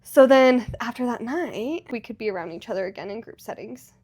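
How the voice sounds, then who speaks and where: A young woman co-hosting a podcast, telling a story in a casual, animated way with lots of fillers. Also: on the high side, a little fast, slightly rough. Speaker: podcast co-host. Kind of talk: casual chat.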